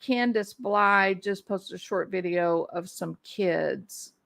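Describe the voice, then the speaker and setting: A woman hosts a casual live stream, reading viewer comments aloud and chatting back to the audience. Her voice is bright and clear. She thinks out loud as she goes, restarting sentences and breaking into small laughs. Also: on the low side, slow pace. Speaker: livestream host.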